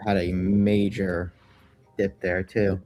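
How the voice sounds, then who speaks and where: A man joining a live trading chat, joking and talking about his trades in an animated way. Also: deep voice, slow, no room sound, soft background music.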